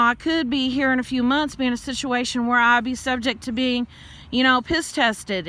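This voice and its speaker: A middle-aged woman, talking casually while walking outdoors, out of breath, chatty and quick to laugh. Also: on the high side, pushed and bright. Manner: chatty, laughs often, rambles into rants. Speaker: vlogger and tarot reader.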